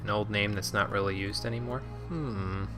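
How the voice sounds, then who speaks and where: A man's voice: fairly low pitch, steady tone, normal speed, over music. A young man streaming a video game, chatting casually and mumbling to himself as he plays. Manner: mumbles to himself, chuckles often. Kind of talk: casual gameplay commentary.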